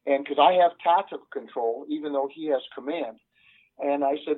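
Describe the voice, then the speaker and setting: An older man, a retired police sergeant, telling a story in an interview in an earnest, halting way with many "uh" fillers. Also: fairly high pitch, breathy edge. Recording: tinny phone line.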